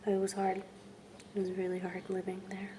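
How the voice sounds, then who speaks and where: A young woman telling her own story in a vlog, speaking softly and haltingly, with long pauses and words that trail off into whispers. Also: medium pitch, completely flat delivery, a little hiss or hum. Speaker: vlogger. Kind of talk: personal testimony vlog.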